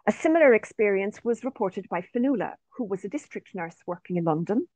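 A woman's voice: medium pitch, expressive, a little fast, dark tone, no echo. A woman presenting interview research in an online talk, speaking carefully and reading participants' quotes aloud. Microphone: video call. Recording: dry, slightly dull online audio.

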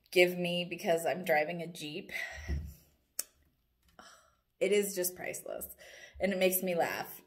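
A young woman vlogging casually, rambling and animated as she tells a story, often breaking into laughter. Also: mid-range voice. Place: at home, indoors.

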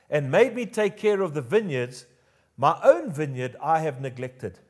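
South African male pastor, higher voice, lively and jokey sermon delivery with call-and-response. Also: breathy edge. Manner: animated and jokey, leads the congregation in call-and-response.

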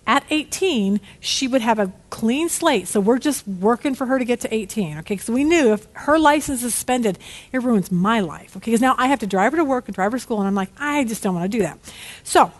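A middle-aged woman teaching a Bible study in a candid, casual way. Her voice sits a little high, and she is lively and frank. She keeps checking in with her listeners by asking "okay?". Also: fairly quick. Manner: candid and animated, peppered with "okay?".

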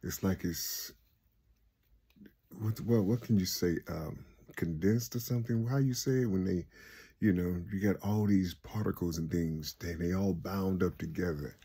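Husky low-voiced man, rambling and preachy. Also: measured pace, warm tone. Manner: rambling and preachy, repeating "you see", building to raised exclamations. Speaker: host. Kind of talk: casual spiritual monologue.

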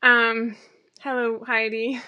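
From a room at home, a woman in her thirties who designs sewing patterns hosts her weekly live webcam show, chatting casually and rambling with plenty of fillers and self-deprecating asides. Her voice is fairly high, with little pitch movement, and she talks slowly over lo-fi sound.

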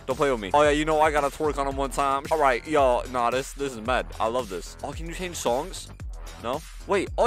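A young man giving casual gameplay commentary as a gaming YouTuber, excitable and slangy, with sudden loud outbursts. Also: mid-range voice.

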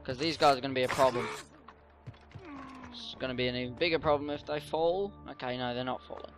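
A man talking to himself through a gaming session at an average pitch, chatty and a little scattered. He trips over his words and swears now and then. Faint game music plays underneath. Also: quick pace. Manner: rambling, gets tongue-tied, swears casually. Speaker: let's play gamer. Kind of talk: casual gameplay commentary.

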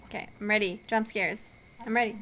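A woman's voice: medium pitch, fairly even intonation, fairly quick, a bit bright, slight background noise. A young woman streaming a horror game, reacting expressively with swearing and laughter. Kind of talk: gaming commentary.

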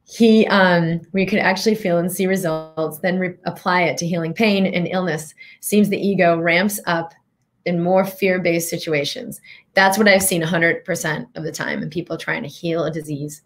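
A woman's voice: lowish voice, fairly even intonation, normal speed. A woman hosting a motivational health talk, earnest and coaching, guiding the listener through breathing questions. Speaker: host, physician and healing coach.

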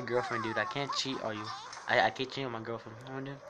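Dude streaming a phone shooter, cussing and rambling at chat, mid-pitched voice, hiss under it. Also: male voice, quick pace. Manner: rambling, profane, jokey, excitable. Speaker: game streamer. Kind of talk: casual livestream commentary reading chat. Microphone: phone mic while gaming.

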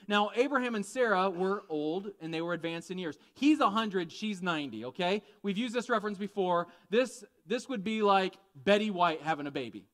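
High-voiced man preaching animatedly. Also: normal speed, hardly any pauses. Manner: animated, conversational, asks the audience questions. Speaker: pastor. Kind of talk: sermon.

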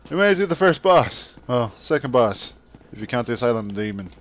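A man hosting a let's play, giving excitable, taunting, profane gameplay commentary. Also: medium pitch, brisk, lo-fi sound, slight background noise.

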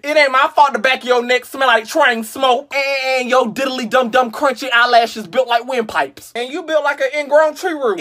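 A man's voice: very high voice, sharp tone. Playful young man hurling comic insults. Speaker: comedy creator. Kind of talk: comedic roast skits.

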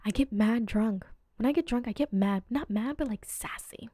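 A woman in her twenties hosting a podcast, telling rambling personal stories with lots of fillers and jumping up in pitch to act out what people said. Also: normal speed, mellow, no echo, clean studio sound. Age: 20s. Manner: chatty, rambling, lots of fillers, acts out quotes with pitch jumps. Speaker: podcast host. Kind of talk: casual storytelling monologue.

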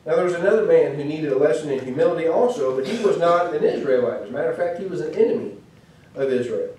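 A man's voice: on the high side, animated, fast talker, dark tone. A man with a Midwestern American accent giving a sermon lesson in a chatty storytelling way, full of asides. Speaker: preacher. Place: church hall. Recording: echoey church hall, mic far off.

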